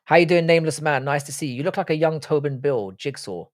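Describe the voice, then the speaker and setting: A man's voice: a little high, fast. Sweary laid-back British man. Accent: British English. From England. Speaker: livestream host. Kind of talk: casual live chat reading viewer comments.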